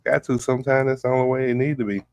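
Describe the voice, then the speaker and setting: A man's voice: medium pitch, fairly even intonation, very fast, a little hiss or hum, poor audio. A man with a Southern US accent co-hosting a casual chat, speaking in a laid-back way with short agreeing replies. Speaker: podcast co-host. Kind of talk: casual barbershop-style chat.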